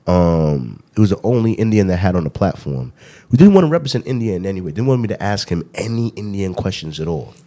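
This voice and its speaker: A low-pitched man talks quickly as a podcast host in loose, casual chat. He rambles, laughs often and fills gaps with repeated asides. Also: sing-song, dark tone. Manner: rambling, laughing, filler-heavy.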